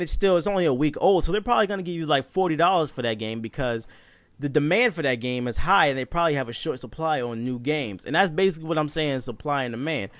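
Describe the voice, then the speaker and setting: Animated young man telling a profane story. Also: fairly high pitch, no echo. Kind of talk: casual comedic storytelling.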